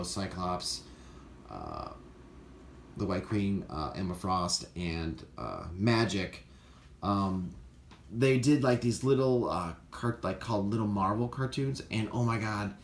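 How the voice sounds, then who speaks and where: A man rants through a comic book review, dismissive and scoffing, with his talk full of filler uhs. His voice sits on the low side. It bounces around a roomy space over faint background ambience. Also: a little mellow, a little hiss or hum. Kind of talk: casual ranting review.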